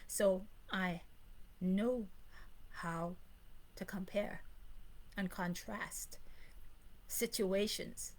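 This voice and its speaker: A woman speaks in a mid-pitched voice, ranting straight to her viewers. She leans hard on her points, repeats phrases and breaks into short laughs. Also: fairly even intonation, extremely slow, pauses often, poor audio. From Grenada. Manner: emphatic, repetitive, with short laughs. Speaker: channel host. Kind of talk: ranting live monologue.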